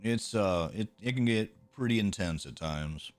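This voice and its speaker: A man's voice: on the low side, animated, measured pace. A man streaming a video game, chatting casually with viewers in a laid-back, rambling, self-mocking way and swearing now and then.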